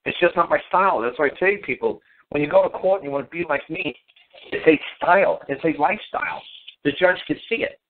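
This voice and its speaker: A man's voice: fairly high pitch, quick pace. A middle-aged man telling stories in a rambling, casual way, repeating words and acting out quoted dialogue. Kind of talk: casual storytelling talk. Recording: tinny phone-line sound.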